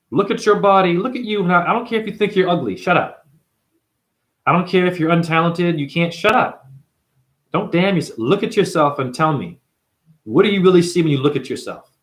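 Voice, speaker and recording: A man's voice: high voice, expressive, fairly quick. A man giving an intense, profane spiritual sermon to camera, firing rhetorical questions at the viewer. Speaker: spiritual teacher. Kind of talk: unscripted preaching monologue.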